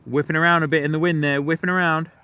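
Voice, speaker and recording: A man's voice: a little high, steady tone, quick pace, bright, forceful tone, clear, resonant tone. Chatty male plane-spotting streamer. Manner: chatty, reads out viewer comments and greets chat. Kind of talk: live plane-spotting commentary. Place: outdoors near an airport runway.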